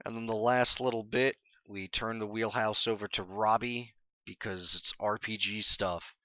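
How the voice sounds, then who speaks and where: A man co-hosting a casual gaming podcast, laid-back and often trailing off quietly at the end of his points. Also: on the low side, steady tone, moderate pace, dry recording. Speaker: podcast co-host.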